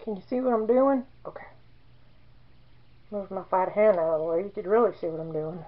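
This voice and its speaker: A woman's voice: medium pitch, lively intonation, a little fast, narrow, tinny audio. A woman in her forties chatting casually as she demonstrates soap making, rambling into joking asides. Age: 40s.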